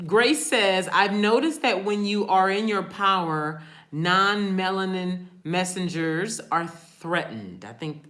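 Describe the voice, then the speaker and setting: A woman's voice: mid-range voice, fairly bright tone, reverberant. A woman hosting a casual live stream, chatting with viewers, reading their comments aloud and laughing often. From family from New Orleans. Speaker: livestream host.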